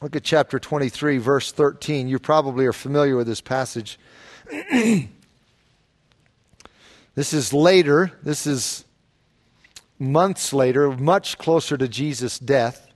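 A man's voice: mid-range voice, expressive, slow, long pauses. A man preaching an expository sermon, emphatic and rising and falling with the text. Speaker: pastor.

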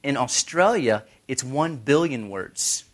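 A man's voice: mid-range voice, lively intonation, takes it slowly. A man teaching a Bible study in a conversational sermon style, making joking asides and quoting scripture.

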